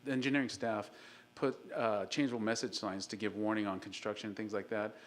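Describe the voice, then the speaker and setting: A man presenting as city engineer at a public meeting, measured and hesitant with fillers. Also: fairly low pitch, steady tone.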